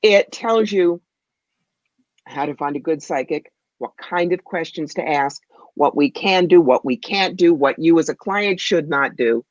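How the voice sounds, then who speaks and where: A woman guest, a psychic medium and author, telling stories in an interview in a punchy, animated way. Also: sits low, measured pace, no echo, lo-fi sound. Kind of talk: interview storytelling.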